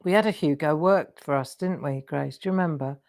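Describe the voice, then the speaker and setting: A woman's voice: low voice, brisk, creaky, darkish tone. An English woman hosting a live crafting show, telling rambling anecdotes and laughing often. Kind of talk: chatty storytelling while crafting.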